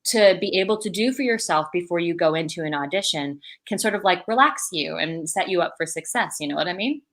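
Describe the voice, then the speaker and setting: A woman's voice: on the low side, animated, brisk. A woman, an associate director, chatting casually in an online video, with many fillers and laughs. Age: adult.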